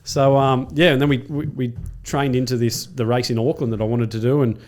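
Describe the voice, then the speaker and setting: An Australian man in his thirties talks at a quick clip as a podcast guest, mid-pitched and unhurried by nothing. He tells stories casually, with plenty of swearing and laughter. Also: steady tone, darkish tone. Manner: swears freely, laughs while telling stories. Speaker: podcast guest, triathlete and coach. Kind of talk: casual storytelling.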